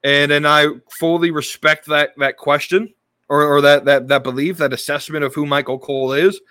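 A man with a slightly high, pushed, bright voice hosts a casual wrestling podcast at normal speed and a level tone, with no room sound. His talk is loose and rambling, full of restarts and fillers.

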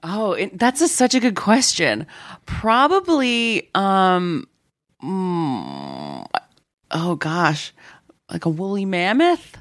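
A woman guest on a comedy podcast, talking in a deadpan, cheerfully morbid way. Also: lowish voice, slow, dry recording, clean studio sound. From Canada. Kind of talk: improvised comedy chat.

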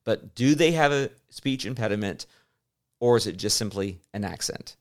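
A man's voice: fairly low pitch, expressive, moderate pace. A man in his forties co-hosting a podcast, talking in a rambling way, cutting himself off mid-sentence and laughing easily. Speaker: podcast co-host. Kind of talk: casual chat.

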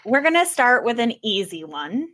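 A woman's voice: fairly high pitch, big pitch swings, moderate pace, bright, forceful tone. A woman hosting a podcast, setting up a game and teasing her guests in casual chat. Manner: playful, teasing. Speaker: podcast host.

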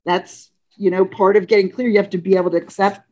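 A woman telling a personal story in a casual, halting way, with restarts, acting out what people said with big jumps in pitch. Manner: animated, acts out dialogue with pitch leaps; halting, frequent restarts and self-corrections.

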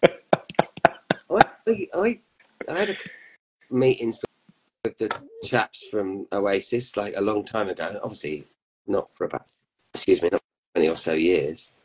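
A man, a musician guest telling anecdotes in a relaxed, chatty way. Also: on the low side, measured pace, long pauses, background noise. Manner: chatty storyteller, laughs often. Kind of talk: casual chat.

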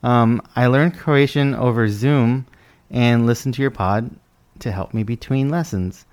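A man's voice: medium pitch, a little slow, a little mellow. A man co-hosting a podcast, reading listener mail in a laid-back, joking way. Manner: laid-back, jokey, reads letters aloud. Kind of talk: casual podcast chat.

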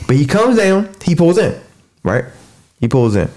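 A man co-hosting a casual podcast chat, telling an animated story and acting out what people said. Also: a little high, normal speed. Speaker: podcast co-host.

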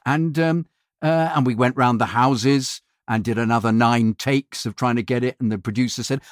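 A middle-aged man tells a story in a bone-dry, close sound with no room echo. His pitch sits in an ordinary middle range. He stumbles through fillers and restarts, then bursts into lively imitations of the people he is describing. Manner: animated storyteller who acts out other people's voices; halting, with many fillers and restarts. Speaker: voiceover artist. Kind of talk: casual anecdote telling.

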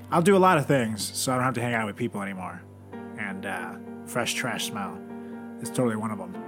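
A young man hosting a casual comedy chat, telling crude absurd jokes in a deadpan way and laughing at his own bits. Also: fairly low pitch, a little fast, long pauses. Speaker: podcast host. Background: music.

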